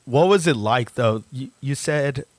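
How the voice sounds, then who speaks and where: A man's voice: mid-range voice, animated, unhurried, no echo. Man, mid voice, dry close sound, casual podcast host. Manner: asks rambling questions, with laughs. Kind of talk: casual chat.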